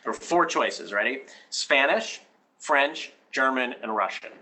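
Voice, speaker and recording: A male education expert speaking in an interview with a bright, forceful tone. He talks earnestly and off the cuff, often restarts his thoughts and tags "right?" onto his points. He explains his ideas through personal stories. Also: medium pitch, animated, a little slow, rough recording. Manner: earnest, many restarts, keeps adding "right?". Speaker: education expert guest, head of a school. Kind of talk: conversational interview answers.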